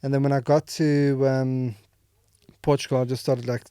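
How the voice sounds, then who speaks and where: A man's voice: mid-range voice, level tone, normal speed, dark tone, smooth, no room sound, studio quality. A man talking candidly as a podcast guest, rambling with many fillers and restarts. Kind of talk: candid emotional conversation. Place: podcast studio.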